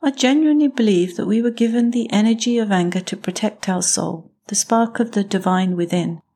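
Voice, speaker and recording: Woman, self-help podcast host, measured and instructive, husky with some fry. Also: medium pitch. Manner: measured, gently instructive, speaks in steps and lists.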